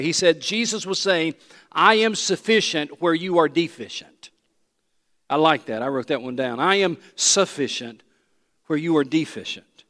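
A man's voice: fairly high pitch, fairly bright tone. A male pastor preaching a sermon, emphatic, repeating key lines and leading the congregation to say them with him. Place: church sanctuary. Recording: long reverb of a large hall.

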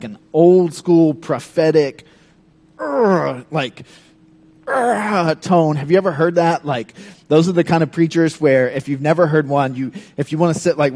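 Guy preaching a sermon, kinda high voice, chatty and animated, reads scripture big and slow. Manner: conversational, animated preaching with dramatic scripture reading. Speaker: pastor.

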